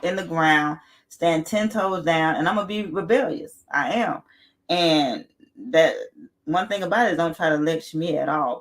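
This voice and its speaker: Blunt, laughing woman livestream host. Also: deep voice. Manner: blunt, laughs often, repeats herself, swears casually. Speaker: livestream host reading chat. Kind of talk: casual livestream chat.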